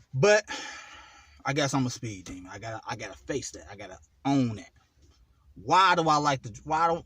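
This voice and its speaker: A man rants about shadow work in a mid-pitched voice. He curses constantly and fires off rhetorical questions. He swings from loud outbursts to low, muttered asides. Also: breathy edge. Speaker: occult vlogger. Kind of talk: profane self-help monologue.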